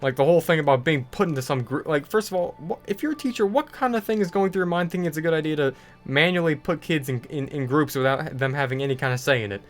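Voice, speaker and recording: A man's voice: fairly high pitch, fast, soft background music. A young man ranting casually over gameplay, full of fillers and restarts. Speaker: gaming video creator.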